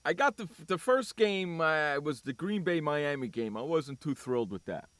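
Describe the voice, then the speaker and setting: A sports radio host, a man with a high, lively voice that leaps up and down as he rants. He talks excitedly and keeps dropping "freaking" into every other sentence. The sound is dry and close, with no room around it. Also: normal speed, no room sound. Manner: animated, ranting, swears mildly with "freaking".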